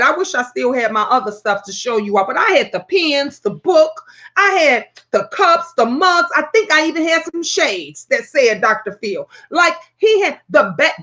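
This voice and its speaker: A woman hosting her own talk vlog, telling stories in a brash, profane, animated way. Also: on the high side, measured pace. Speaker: talk show host.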